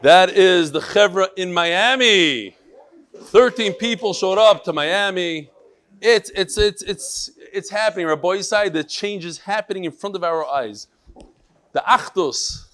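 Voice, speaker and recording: A man teaches a daily religious class in a lively, exclaiming way. His voice sits a little high. He talks with energy and mixes in words from Yiddish and Hebrew. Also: unhurried. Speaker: daf yomi teacher. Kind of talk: lively Torah class talk.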